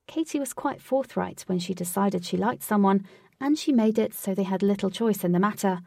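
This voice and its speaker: A woman narrating a storybook in an even, clear reading voice. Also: mid-range voice, fairly quick, no echo, studio quality, far from the mic.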